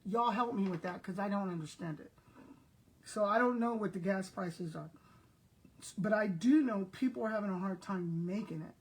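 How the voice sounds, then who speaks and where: A woman's voice: mid-range voice, normal speed, darkish tone. An older woman from South Texas, a retired school principal, chatting casually and telling everyday stories straight to her viewers. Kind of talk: casual chat.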